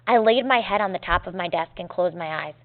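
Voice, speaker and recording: A woman's voice: on the low side, a little fast. Woman teacher reading aloud, tinny recording. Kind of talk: reading a story aloud to students.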